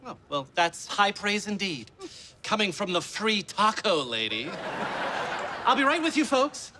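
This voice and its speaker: A pompous gourmet chef. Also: male voice, high voice, sing-song, measured pace, pushed and bright, exaggerated voice. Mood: smug. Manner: smug and pompous. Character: pompous snobbish gourmet food truck chef, man. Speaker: food truck chef. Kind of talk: sitcom acting. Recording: background noise.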